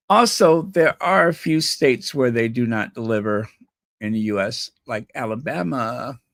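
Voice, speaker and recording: A man's voice: mid-range voice, a bit bright, dry recording, clean studio sound. A man hosting a live stream, chatting in a rambling, playful way and repeating words over and over as he tries out how to say them. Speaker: channel host.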